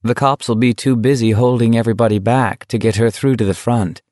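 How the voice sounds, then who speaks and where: A man's voice: medium pitch, steady tone, fairly quick, a little mellow, dry recording, clean studio sound, lightly acted. A man voicing a young male walker who taunts and needles his rival in a sly, mocking way. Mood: casual. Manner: sly, mocking, soothingly condescending.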